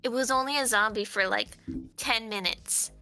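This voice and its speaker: A woman's voice: on the high side, normal speed, pushed and bright, no echo, faint music behind. A woman playing a tabletop game, chatty and giggly, full of "like" fillers. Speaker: player. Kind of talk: casual tabletop play.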